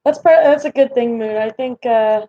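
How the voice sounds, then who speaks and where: A woman's voice: a little high, moderate pace, no room sound. A young woman chatting casually with her viewers on a live stream from home, rambling with lots of fillers. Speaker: livestream host. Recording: slightly dull lo-fi stream audio.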